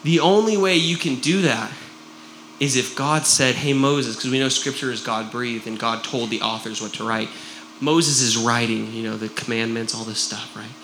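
A man preaching a sermon to a congregation, animated and jokey, with frequent "right?" asides. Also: mid-range voice, moderate pace, slight background noise. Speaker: pastor. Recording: roomy echo.

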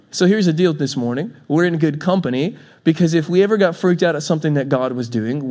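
Playful high-voiced male pastor preaching. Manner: playful, laughs often, animated storytelling. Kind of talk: sermon.

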